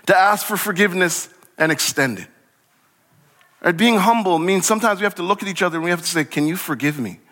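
Guy preaching in church, kinda high bright voice, chatty and animated, big hall echo. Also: fast talker. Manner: animated, conversational preaching with acted-out dialogue. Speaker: pastor. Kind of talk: sermon. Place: church sanctuary. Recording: long hall reverb.

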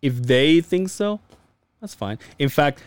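Animated swearing man telling stories. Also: on the high side, slow pace, clear, resonant tone, no room sound. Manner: animated storyteller acting out quoted dialogue, swears freely. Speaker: podcast co-host. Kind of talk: casual podcast chat.

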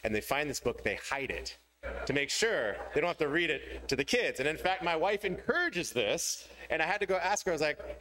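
A man's voice: a little high, big pitch swings, fairly quick, bright, forceful tone. A man giving a sermon to a congregation, telling a story with playful voice changes. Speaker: pastor. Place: church hall before a congregation.

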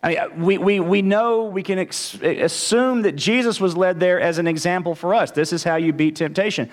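Earnest pastor, slightly high voice. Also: male voice, normal speed. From Texas, United States. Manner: earnest, conversational preaching with frequent stammered restarts. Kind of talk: sermon.

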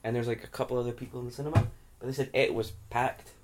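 A man's voice: medium pitch, steady tone, rapid-fire, darkish tone. Hesitant man, faint hiss. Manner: hesitant, lots of ums, laughs often. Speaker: podcast co-host. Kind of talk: casual chat.

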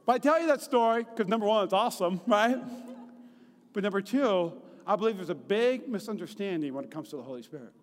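A high-pitched male pastor in his thirties, preaching with lively, chatty energy and often asking the crowd for agreement. His voice rings out with a long reverb from a big church hall. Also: fast. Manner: lively and conversational, often asking the congregation "right?". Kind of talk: sermon.

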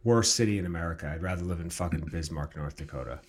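Podcast co-host, young man, very low voice, dry and profane ranting. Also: fast. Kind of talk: casual chat.

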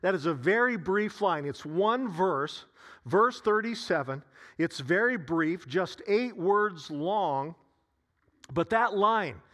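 Male pastor, sermon delivery, high voice, slow and deliberate, repeats key phrases. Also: fairly bright tone. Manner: slow, repetitive preaching with dramatic pauses and sighs.

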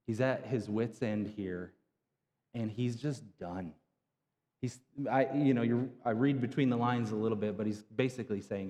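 Male pastor, mid-range voice, relaxed slangy storytelling sermon, hall reverb. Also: medium pitch, normal speed. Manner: casual, retells scripture in everyday slang. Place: church sanctuary.

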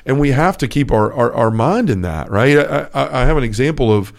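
A man's voice: medium pitch, expressive, brisk, vocal fry. A man co-hosting a Catholic talk show, telling a personal story in an earnest, casual way with frequent restarts. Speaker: podcast co-host. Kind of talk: casual faith discussion.

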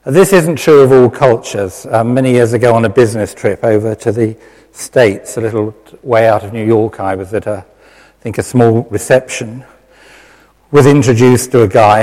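A British lay preacher giving a conversational, self-deprecating sermon, with many fillers. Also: male voice, medium pitch, normal speed, darkish tone. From Britain. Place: church hall with long reverb. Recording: reverberant church hall.

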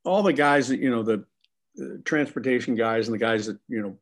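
A man being interviewed, telling animated, profane stories about his acting work with plenty of laughter. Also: medium pitch, a little fast. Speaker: actor guest. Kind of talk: casual anecdotal storytelling.

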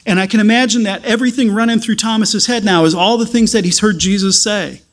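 A man preaching a sermon, earnest and halting, with frequent restarts that build to emphatic stretches. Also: high voice.

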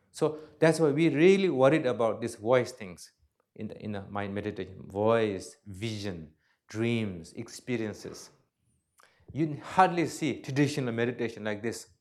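Man, medium pitch, Buddhist teacher answering questions; halting non-native English, emphatic and demonstrative. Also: a little mellow. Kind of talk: spoken talk and Q&A. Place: lecture hall with audience.

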